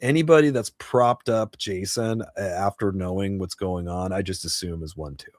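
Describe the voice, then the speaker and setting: A man's voice: low-pitched, moderate pace, no room sound, clean studio sound. Blunt, swearing man in his fifties. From New Jersey, USA. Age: 50s. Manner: blunt, profane, rambling with restarts. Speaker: host. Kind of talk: casual livestream Q&A chat. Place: home livestream setup.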